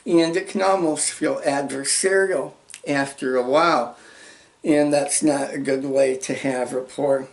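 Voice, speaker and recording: Man, self-help lesson host, emphatic, unhurried delivery, mid-pitched voice. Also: fairly even intonation, vocal fry. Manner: emphatic, acts out example dialogue. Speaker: channel host teaching social skills.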